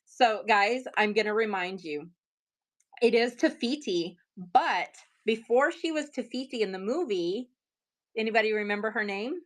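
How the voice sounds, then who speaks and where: Woman host, mid pitch, casual live-stream seller, excitable and chatty with lots of ums. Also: moderate pace. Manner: chatty, excitable, many fillers.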